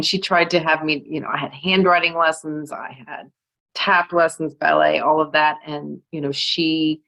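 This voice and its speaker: A woman's voice: sits low, gravelly, fairly bright tone, poor audio. An American woman from California with a slight Southern drawl, speaking reflectively as an author guest on a video call, hesitant with many fillers and restarts. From California, USA. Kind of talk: reflective conversational talk.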